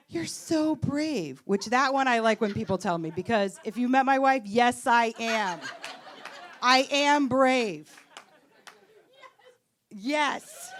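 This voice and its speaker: A woman's voice: fairly high pitch, a bit bright, a little hiss or hum. A woman in her late thirties performing a live stand-up set on a comedy festival stage, delivering punchlines in a wry, sarcastic way.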